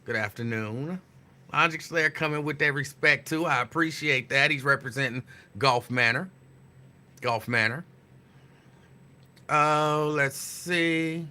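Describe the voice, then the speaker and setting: A man hosting a casual live talk show, greeting listeners by name and teasing them playfully with loud, emphatic bursts. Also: a little high, slow pace, long pauses. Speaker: radio host. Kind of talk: casual live-show chat reading listener shout-outs.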